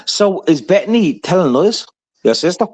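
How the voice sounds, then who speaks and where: A man's voice: sits high, animated, normal speed, darkish tone. A man with a Scottish accent hosting a live stream, pressing with the same questions again and again and stumbling over his words. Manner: pressing, repetitive questioning, stammering restarts. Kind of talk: heated live-stream argument.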